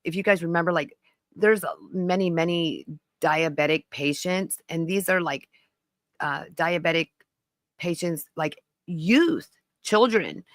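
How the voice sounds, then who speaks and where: A woman's voice: lowish voice, unhurried, no room sound. A woman hosting a podcast live stream, talking casually and rambling to viewers in the chat. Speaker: podcast host.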